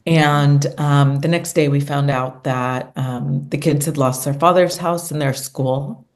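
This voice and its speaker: A woman's voice: low-pitched, fairly even intonation, a little slow. A middle-aged woman recounting a personal experience in an earnest, emotional way as an interview guest. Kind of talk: conversational interview storytelling.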